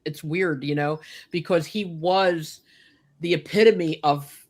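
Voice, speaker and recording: A woman's voice: deep voice, takes it slowly, a little mellow. Emotional woman telling a story, choked up, lots of you know and like. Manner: heartfelt, many fillers like "you know" and "like". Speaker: guest recalling a friend.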